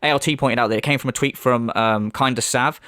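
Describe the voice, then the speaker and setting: A man's voice: medium pitch, steady tone, fast, bright, forceful tone, clear, resonant tone, no room sound, clean studio sound. A man giving a sarcastic, heavily sweary commentary rant. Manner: sarcastic, swears heavily, mocks in put-on voices. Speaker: commentary video host.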